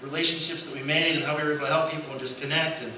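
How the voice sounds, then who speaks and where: This pastor's fairly high, sharp voice holds a steady tone as he races through a sermon of comic anecdotes. He acts out the voices of the people he quotes and laughs at his own jokes. The recording is distant, with church sanctuary echo and noise.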